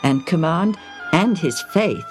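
An earnest older man in a storybook, as a woman reads him, looking back on his boyhood with feeling. The voice stays close to the reader's own low, lively tone, with faint music beneath. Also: slow. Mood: reminiscing. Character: older male elder recalling his boyhood.

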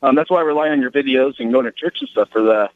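A man's voice: medium pitch, fast talker, no echo. A young adult man, a college student, calling in politely with a question. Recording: tinny phone line.

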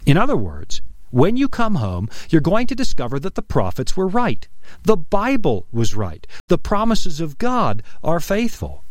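Guy giving a radio sermon, higher voice, bouncy delivery, dry studio sound. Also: huge pitch swings, unhurried, no room sound. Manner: earnest, emphatic, drops low for quoted lines. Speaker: radio preacher. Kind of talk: broadcast sermon.

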